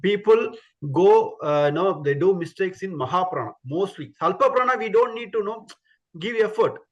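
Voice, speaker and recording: A man's voice: sits high, animated, moderate pace, lo-fi sound. A man teaching Sanskrit pronunciation in an online class, patiently repeating sounds as demonstrations.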